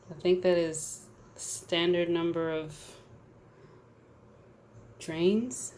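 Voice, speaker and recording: Woman vlogger, lowish voice, teasing and dry, indoor apartment. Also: a little mellow, a little hiss or hum. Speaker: vlogger and mother. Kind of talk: casual vlog narration.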